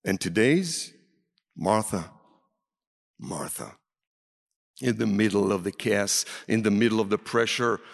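A man preaching a sermon in a large hall, dramatic, swinging from loud calls down to near whispers. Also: fairly low pitch, fairly even intonation, moderate pace, vocal fry, few pauses. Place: large hall with a seated audience. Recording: reverberant hall.

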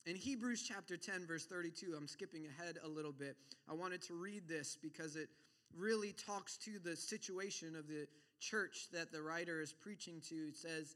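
A man preaching a sermon to his church as pastor, swinging between loud declarations and quiet, low asides, and reading scripture slowly. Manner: reads scripture aloud slowly and deliberately.

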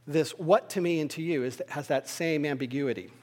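A man teaching a Bible study lesson, explaining word meanings in a measured, thoughtful way. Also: on the high side, big-room sound.

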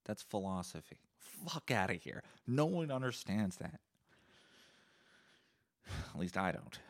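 A man from Canada hosting a solo podcast, ranting in a profane, sarcastic way. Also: deep voice. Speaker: podcast host.

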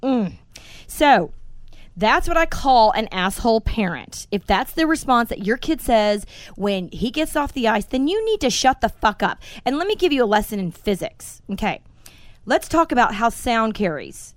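A woman in her forties hosting a casual podcast, telling stories in a blunt, animated way and swearing freely. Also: fairly high pitch, normal speed, no echo. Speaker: podcast host.

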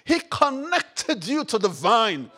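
A man preaching a sermon, repeating phrases, firing questions at the congregation and rising to shouts. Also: very high voice, very animated, takes it slowly, soft background music. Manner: call-and-response, repeats phrases, rises to shouts; rhetorical questions to the audience.

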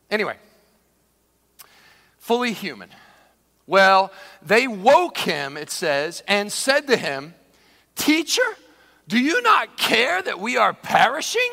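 A man preaching a sermon, who swings from shouted, acted-out quotes down to hushed, slow asides. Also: a little high. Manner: animated preacher, shouts dramatized quotes, then drops to a hush. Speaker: pastor. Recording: long hall reverb.

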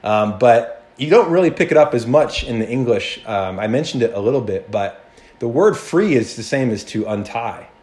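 A male pastor preaching a sermon in an animated, conversational way, often restarting and acting out quotes. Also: medium pitch, moderate pace.

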